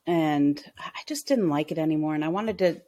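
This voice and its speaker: A woman's voice: sits low, normal speed. A woman in her thirties, a small business owner, telling stories in a casual interview and acting out the dialogue in them with a lot of "like". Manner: animated, acts out dialogue in her stories with lots of "like".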